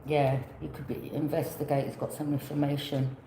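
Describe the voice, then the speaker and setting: Tarot reader musing aloud, keeps repeating itself, mid pitch, echoey room. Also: level tone, normal speed, creaky, background noise. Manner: rambling, repeats phrases, offers loose alternatives. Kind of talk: casual tarot reading.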